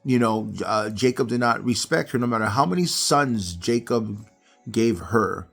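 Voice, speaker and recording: A man's voice: mid-range voice, a little slow, creaky, soft background music. A man giving a casual Bible study talk to viewers, telling stories animatedly. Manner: animated storyteller who acts out scenes.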